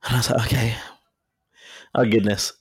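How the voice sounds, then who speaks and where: A man's voice: mid-range voice, steady tone, normal speed, husky, no echo. A man chatting casually, telling a story frankly and acting out the dialogue as he goes. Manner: frank and profane. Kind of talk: casual chat.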